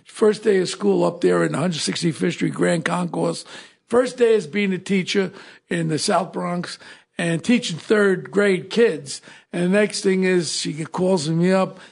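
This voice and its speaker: An older man with a high, gravelly voice, spinning a tale on his podcast. His delivery is husky and excitable, tumbling forward and doubling back on his words. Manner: excitable, rapid storyteller with frequent repeats. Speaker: podcast co-host. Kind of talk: casual storytelling chat.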